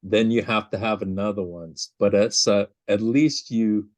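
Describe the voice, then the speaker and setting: A male host asks his guest questions in a lowish voice. He breaks in with curious follow-ups. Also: steady tone, a little slow. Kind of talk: interview questions.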